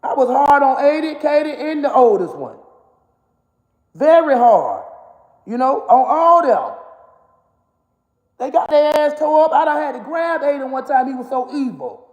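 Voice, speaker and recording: A woman's voice: high voice, very animated, a little slow, pauses often, a little mellow. Blunt, cussing woman in her forties. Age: 40s. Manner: blunt, profane, laughs while scolding. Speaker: comedian and mother. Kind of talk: candid monologue to camera. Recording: echoey room with long reverb.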